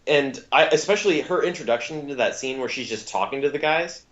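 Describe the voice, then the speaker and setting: A man's voice: mid-range voice, animated, brisk, fairly bright tone, highs cut off. A man co-hosting a casual podcast film review, rambling with frequent fillers and self-corrections. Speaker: podcast co-host.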